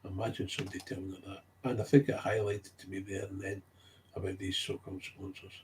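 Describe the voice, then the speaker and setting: A man's voice: low voice, flat delivery, a little fast, a little hiss or hum. A man speaking in an unscripted monologue, telling stories from recovery work, getting agitated and repeating his key phrases for emphasis.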